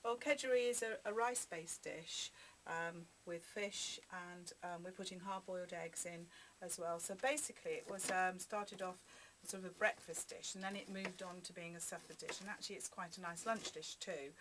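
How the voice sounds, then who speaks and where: A woman's voice: on the low side, fairly even intonation, normal speed, noisy background. Woman explaining a recipe, hesitant. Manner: gentle explaining, hesitant with ums. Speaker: studio cooking guest. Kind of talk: cooking demonstration chat. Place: radio studio.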